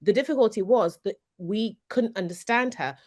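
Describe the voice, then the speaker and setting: A woman talking in an earnest, conversational way as a podcast panelist. She often restarts her sentences and leans on the key words. Her pitch sits in a middle range. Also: normal speed, a little mellow. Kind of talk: casual panel discussion.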